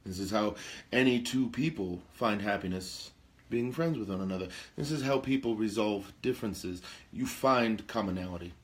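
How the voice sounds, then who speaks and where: A man's voice: fairly low pitch, moderate pace, close to an everyday voice. A man playing a pompous, theatrical aristocratic male vampire lord who hosts a talk show, with grandiloquent speech and gossipy asides. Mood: solemn. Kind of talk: in-character role-play talk show.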